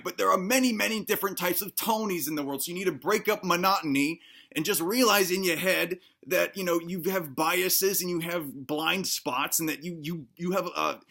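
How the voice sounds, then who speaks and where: A man's voice: sits high, vocal fry, a bit bright, exaggerated voice. A man playing a bumbling, self-assured cop who gives absurd advice, rambling and stammering in a mock-earnest way. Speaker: comedic self-help presenter. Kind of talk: deadpan comedy sketch.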